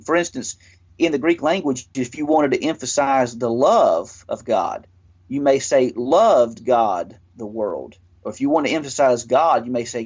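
A man's voice: medium pitch, darkish tone, husky. A man explaining earnestly in casual discussion, often restarting his sentences. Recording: dull lo-fi audio.

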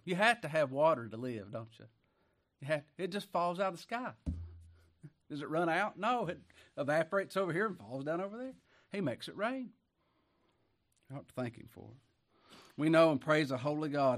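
Folksy Southern preacher with rhetorical questions. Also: male voice, mid-range voice. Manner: folksy, rhetorical questions, chuckles between points; swings between hushed asides and emphatic outbursts. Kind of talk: sermon.

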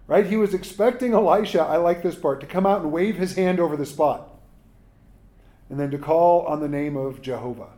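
A man preaching a casual, conversational sermon as pastor. He reads scripture, then talks to his listeners with frequent asides, quick jokes and "right?". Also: fairly high pitch, dark tone.

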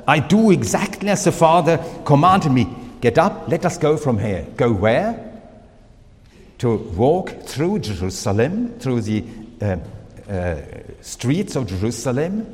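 In a large hall, a native German speaker with a German accent preaches a sermon. His medium-pitched, slightly mellow voice moves in slow, deliberate phrases, broken by pauses and fillers.

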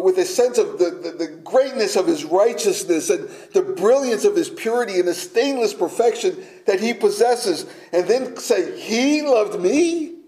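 A man preaching a sermon slowly and emphatically, sometimes dropping to a near-whisper for effect. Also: sits high, a little mellow, poor audio.

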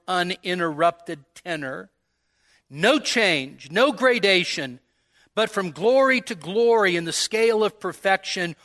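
A male pastor preaches at a church service with a high-pitched voice that rings bright and keen. He takes his time, drawing out each phrase. His reading of old-fashioned sermon prose is solemn and dramatic.

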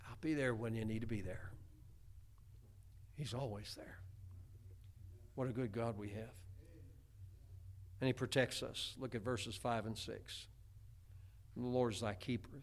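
Guy preaching, folksy sermon, stammers and restarts a lot, mid-range voice. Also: mid-range voice. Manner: homespun, chatty, many restarts and stammers.

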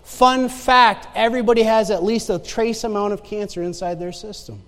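A high-pitched male preacher delivers a sermon, telling a story from his own life. He drives home his points by repeating lines and calling out to the congregation. His voice rings with the long reverb of a church hall. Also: steady tone, moderate pace, a bit bright. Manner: emphatic, repeats key phrases, asks the congregation "Amen?". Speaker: pastor. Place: church sanctuary.

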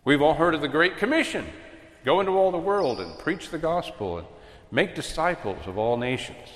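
A man's voice: fairly high pitch, animated, moderate pace. Emphatic male preacher in a reverberant hall. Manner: emphatic, swings loud and soft while preaching. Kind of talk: sermon.

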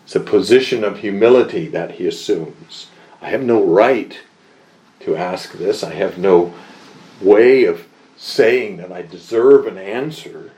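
A man teaching a Bible lesson in a measured, deliberate way, pausing often with small fillers and leaning into the verses he quotes. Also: low-pitched, dark tone. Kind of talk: slow expository Bible lesson.

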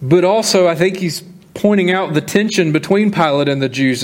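A pastor preaching a sermon, earnest, slowing down to stress key points and acting out the dialogue of scripture. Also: male voice, sits high. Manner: earnest preaching, slows for emphasis, acts out dialogue.

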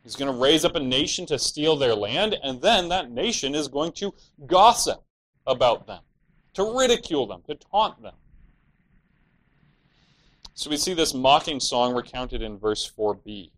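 A man delivers an expository sermon in an earnest, explaining voice of middle pitch. He walks through the scripture point by point and now and then mimics the lament of the wrongdoers. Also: animated, measured pace, pauses often, fairly bright tone, poor audio. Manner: earnest expository preaching, rising to mock the villains' laments. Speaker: preacher.

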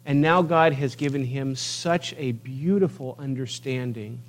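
A man preaching a sermon, emphatic, swinging between quiet asides and loud declarations as he reads scripture. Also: mid-range voice, a little slow, few pauses. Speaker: pastor.

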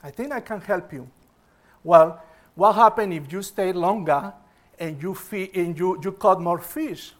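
A man's voice: sits high, measured pace. A man voicing an ambitious male business executive who lays out his plans step by step, often opening with "well". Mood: curious. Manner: eager, explaining step by step, opens with "well".

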